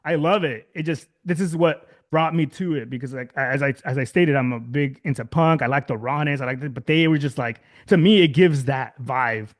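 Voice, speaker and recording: At normal speed with few pauses, a medium-pitched man in his thirties speaks casually in an interview. A guest musician from Southern California, he rambles with many fillers and restarts and laughs often.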